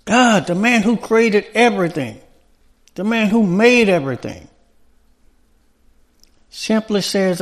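Man, high voice, preacher, sermon, conversational, rhetorical questions. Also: lively intonation, slow pace, pauses often.

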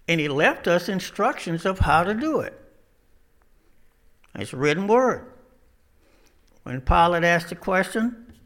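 A man with a high, bright voice is preaching. He drifts from folksy jokes into sermon talk, using loose, casual grammar.

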